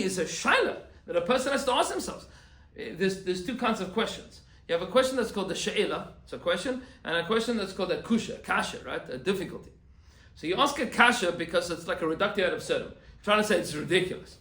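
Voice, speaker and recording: A man, a rabbi, giving an animated Torah class and acting out quoted complaints. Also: sits high, quick pace, echoey room.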